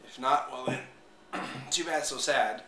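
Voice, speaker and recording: Casual vlogger man, bright tone, rambling with fillers, recorded from a distance in a roomy space. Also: medium pitch, slow pace, a little hiss or hum. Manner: rambling, many fillers, unsure of pronunciations. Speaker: wine reviewer. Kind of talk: casual video review. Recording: echoey room, voice away from mic.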